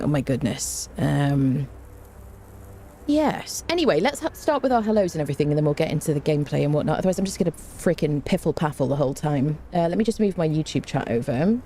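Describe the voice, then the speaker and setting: A woman's voice: deep voice, warm tone, slight background noise. A woman streamer greeting her chat in a rambling, playful way, with fun made-up words, from a home room with an open window. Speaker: game streamer. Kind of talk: casual livestream chat. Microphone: desk microphone. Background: fan blowing.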